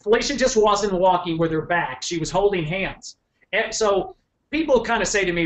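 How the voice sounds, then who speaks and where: A middle-aged man giving a motivational business talk to an audience, animated, often repeating words and checking in with the room. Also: high-pitched, moderate pace. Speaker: keynote speaker.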